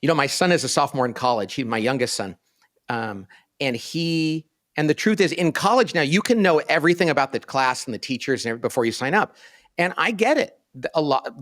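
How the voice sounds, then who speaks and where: A man's voice: medium pitch, a bit bright. A middle-aged man, a guest in a casual interview, thinking aloud earnestly with restarts.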